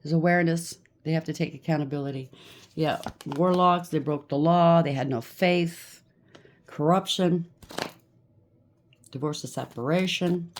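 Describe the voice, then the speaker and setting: A woman's voice: low voice, unhurried, a little hiss or hum. A woman reading tarot cards in a blunt, scolding manner. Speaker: tarot reader.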